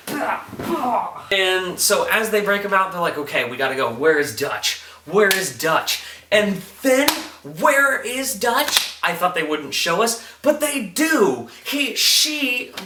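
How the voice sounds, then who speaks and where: Excitable man rambling in an echoey room. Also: high voice. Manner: rambling, excitable, makes sound effects. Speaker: TV review vlogger. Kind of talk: casual episode review. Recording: echoey room, mic at a distance, faint noise.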